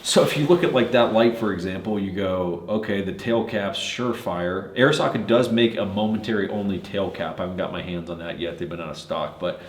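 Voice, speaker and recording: A man's voice: low voice, fairly quick, few pauses, reverberant. A man hosting a firearms gear channel, joking and rambling with many fillers in casual review chat, in a cold shoot house.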